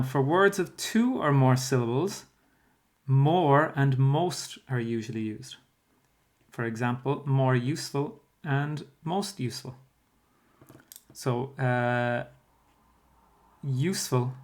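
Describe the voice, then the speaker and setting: An Irish man with a mid-range voice, a primary school teacher, walks through a workbook in a recorded spelling lesson. He is patient and explanatory, using fillers often.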